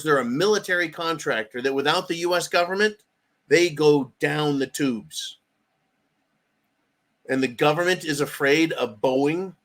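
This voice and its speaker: A man's voice: a little high, fairly bright tone. Sarcastic ranting man host. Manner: sarcastic and profane. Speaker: host of a political commentary channel. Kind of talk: ranting political commentary.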